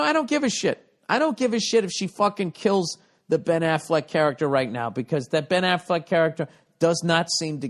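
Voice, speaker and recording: A man hosting a comedic podcast, reading a listener email and ranting, profane with mock-shouting bursts. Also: a little high. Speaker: podcast host.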